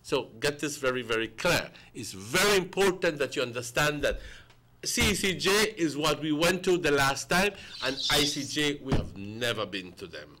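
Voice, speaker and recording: A man's voice: mid-range voice, expressive, normal speed, bright, forceful tone, a little hiss or hum. A man, a guest on a morning talk show, arguing emphatically and repeating words for stress. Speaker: guest commentator.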